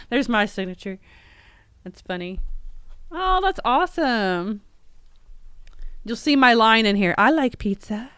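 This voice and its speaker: Giggly excited woman. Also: fairly high pitch, slow pace, long pauses, clean tone, dry recording. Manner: excited, giggly, laughs often. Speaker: livestream host. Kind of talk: casual unboxing livestream.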